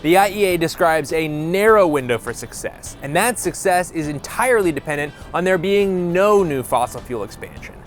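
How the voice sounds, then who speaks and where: Lively sarcastic male comedy explainer host. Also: on the high side. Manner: sarcastic, jokey, mock-indignant asides.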